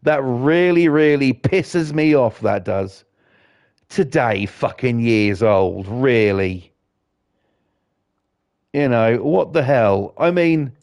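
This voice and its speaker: A man's voice: medium pitch, takes it slowly, long pauses, a little mellow. A middle-aged man giving fired-up, rambling, profanity-heavy commentary while he streams a game. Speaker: gaming streamer. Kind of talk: ranting commentary while gaming.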